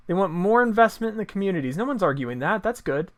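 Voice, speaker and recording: A man's voice: high-pitched, expressive, quick pace, few pauses. A man delivering an opinion monologue, combative and sarcastic, firing off rhetorical questions. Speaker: political commentator.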